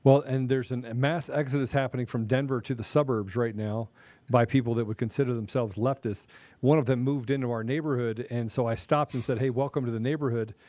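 A man's voice: medium pitch, fairly even intonation, fairly quick, dark tone, no echo. Man hosting a talk show, dry mic. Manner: storytelling, acts out dialogue. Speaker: show host. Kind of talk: casual political talk show.

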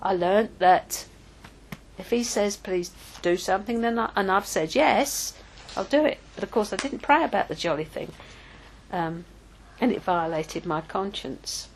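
A woman's voice: mid-range voice, a little slow, a little hiss or hum, low-quality recording. An older woman giving an informal, anecdotal teaching talk as a preacher, chatty and prone to self-corrections.

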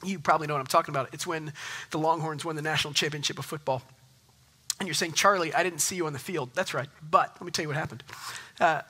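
A pastor in his thirties delivers a sermon in a bright, forward voice pitched a little above most men. He speaks conversationally and earnestly. He climbs to emphatic peaks, then settles back to a quieter, confiding tone. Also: fairly even intonation, fast talker.

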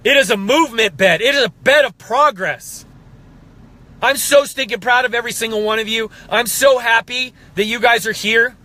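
A man's voice: extremely high pitch, pushed and bright. A man in his thirties, an exercise coach, giving a passionate, fired-up motivational pep talk to viewers. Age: 30s.

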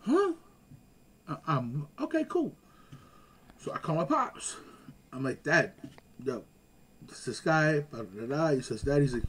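A man telling stories in casual chat as a guest, animated and slangy, laughing along. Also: a little high, unhurried, pauses often, breathy edge.

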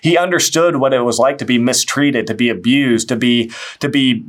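A man's voice: medium pitch, normal speed. A man hosting a faith-based interview in a loose, repetitive way, often acting out quoted voices. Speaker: host.

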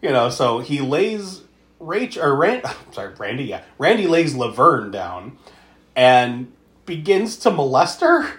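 Chatting casually about a movie, this podcast co-host uses a medium-pitched, sing-song voice with a fairly bright tone and an unhurried pace. He laughs a lot, curses freely, and performs the characters' lines.

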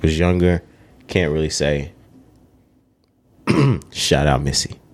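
Deep-voiced man ranking albums. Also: slow. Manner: opinionated, swears freely, runs down a list. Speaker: podcast co-host. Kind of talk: casual chat.

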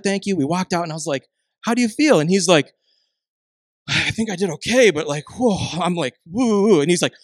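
High-voiced pastor telling stories, dry sound. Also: male voice, no room sound. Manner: storytelling, animated, acts out dialogue. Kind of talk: sermon.

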